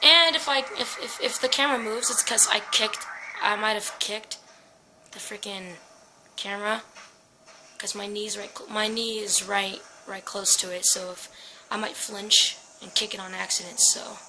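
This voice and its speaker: A young woman with a mid-range, fairly even voice plays a horror game at home, talking at a moderate pace in a pushed, bright tone. Scared and jittery, she swears, screams, and chats with her viewers and her dog in this gaming channel let's play. The rough recording carries a little hiss or hum.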